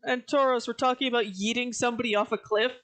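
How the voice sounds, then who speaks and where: A woman's voice: on the high side, fairly even intonation, quick pace, a bit bright. A young American woman chatting casually with a friend, laughing often. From United States. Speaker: streamer co-host. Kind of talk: casual chat.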